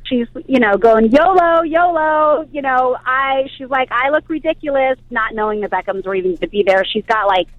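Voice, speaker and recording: A woman's voice: on the high side, flat delivery, a little fast, hardly any pauses, no echo, narrow, tinny audio. A woman in her forties telling a bubbly story by phone from her car, chatting as a radio guest. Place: car on the road.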